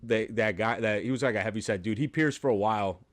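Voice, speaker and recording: Fast-talking and low-voiced, this podcast host chats casually, spinning stories amid frequent laughter and offhand swearing.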